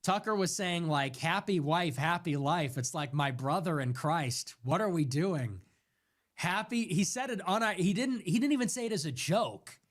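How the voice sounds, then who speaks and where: A man's voice: sits high, lively intonation, normal speed. A man hosting a livestream show, delivering a sarcastic, exasperated rant in political commentary style.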